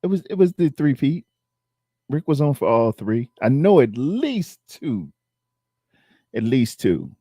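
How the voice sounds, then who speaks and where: A man's voice: mid-range voice, very animated, measured pace, long pauses, warm tone, slightly rough, no echo. A middle-aged man, hosting a casual live stream and rambling as he chats with his viewers. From Virginia.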